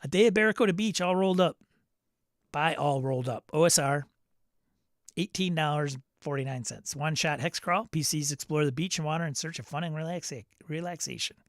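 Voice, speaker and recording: A man's voice: fairly high pitch, brisk, no room sound, clean studio sound. A man hosting a casual show, reading out product listings and riffing on them with asides and laughs. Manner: chatty, reads listings then riffs with laughs and asides. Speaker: podcast host. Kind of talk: casual solo news rundown.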